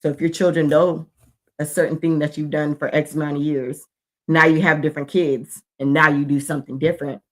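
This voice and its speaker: A woman's voice: low-pitched, little pitch movement, brisk. A woman and mother co-hosting a casual podcast chat, laughing often and reflecting on parenting.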